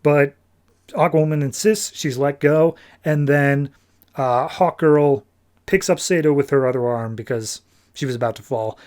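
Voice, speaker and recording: A man's voice: on the high side, normal speed, darkish tone. A man hosting a podcast, retelling a comic book story in a loose, chatty way full of "like" and quoted dialogue. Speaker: podcast host. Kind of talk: casual comic book recap.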